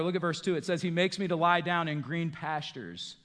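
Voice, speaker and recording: Male pastor, sermon, high voice, animated preaching, reverberant church hall. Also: brisk. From northeastern United States. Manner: animated preaching, swings between hushed and rising emphasis. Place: church sanctuary.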